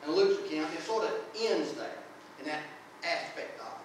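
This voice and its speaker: A man preaching a sermon as pastor, earnest and unhurried, breaking into short prayers and reading scripture aloud. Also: on the high side, slight background noise. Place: church sanctuary. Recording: echoey church from far off.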